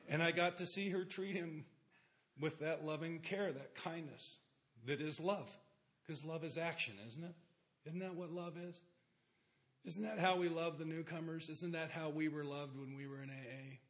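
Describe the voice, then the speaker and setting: A middle-aged man telling his life story to a recovery meeting, plain-spoken, with dry dark humor and rhetorical questions to the listeners. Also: a little high.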